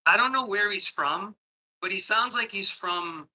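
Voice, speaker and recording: Bright-voiced man, rambling caller. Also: high-pitched, a little slow, low-quality recording. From Boston, Massachusetts. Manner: rambling, hesitant, profane ranting. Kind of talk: casual call-in chat. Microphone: computer microphone.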